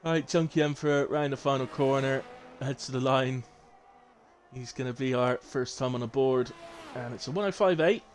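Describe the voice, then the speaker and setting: A man's voice: mid-range voice, moderate pace, a little hiss or hum. A man in his thirties with a Bristolian accent, chatting casually as he commentates a live online sim race and reads out lap times. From Southwest England. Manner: chatty, banters with chat between calling lap times.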